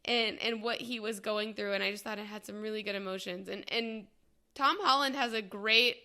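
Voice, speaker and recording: Woman, bright tone, casual chatty film review, laughs easily. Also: medium pitch, fairly even intonation, moderate pace. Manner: enthusiastic, laughs often. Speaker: co-host. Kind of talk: casual movie review chat.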